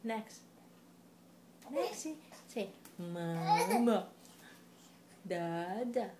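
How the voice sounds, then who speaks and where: At home indoors, a woman coaxes a baby in sing-song baby talk, stretching out her words at a medium pitch and repeating simple words for the little one to say. The background is noisy.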